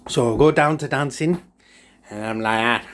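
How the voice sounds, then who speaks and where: A man's voice: mid-range voice, moderate pace. A man telling a comic story, rambling and jokey with lots of fillers.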